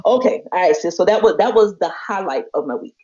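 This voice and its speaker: Podcast co-host, woman; lively storyteller who acts out every quote; dull lo-fi sound. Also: lowish voice, fairly quick. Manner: expressive, acts out quoted voices, laughs often. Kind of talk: animated storytelling chat. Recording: muffled lo-fi podcast audio.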